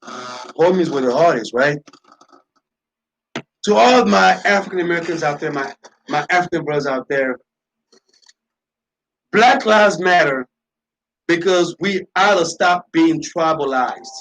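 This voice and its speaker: A man's voice: a little high, animated, unhurried, long pauses, a bit bright, a little hiss or hum, poor audio. A man hosting a radio talk show, delivering an impassioned, preachy monologue with lots of repetition and emphasis.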